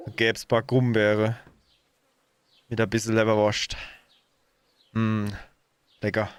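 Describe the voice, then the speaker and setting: A man's voice: lowish voice, monotone, takes it slowly, clean tone, voice pushed down. A man putting on a folksy villager. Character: homely German villager in thick dialect.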